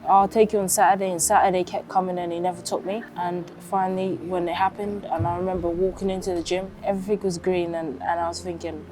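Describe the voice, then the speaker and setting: Young woman, warm chatty storytelling. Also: fairly low pitch, fast, few pauses, slight background noise. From London, England. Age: 20s. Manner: casual, chatty, acts out quotes lively. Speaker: interviewee, boxer. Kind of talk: reflective personal storytelling.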